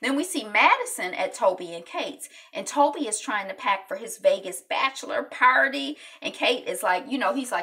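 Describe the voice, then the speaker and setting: A woman's voice: a little high, expressive, normal speed, few pauses, sharp tone, recorded from a distance. Chatty woman retelling a TV episode. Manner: chatty, acts out lines from scenes. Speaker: TV recap vlogger. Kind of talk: casual recap chat.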